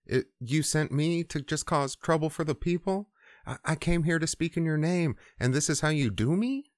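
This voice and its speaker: A man voicing an anxious, complaining male prophet in a crude comedic retelling. He pleads in a raised, softer voice. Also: medium pitch, big pitch swings, normal speed, no echo, studio quality, lightly acted. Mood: pleading.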